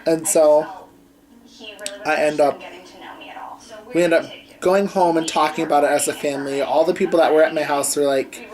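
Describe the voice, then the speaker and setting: A man's voice: a little high, steady tone, moderate pace, pauses often, darkish tone, rough recording. A young man telling a personal story at home in a vlog, rambling with many fillers and asides. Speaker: vlogger. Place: home bedroom with a TV on.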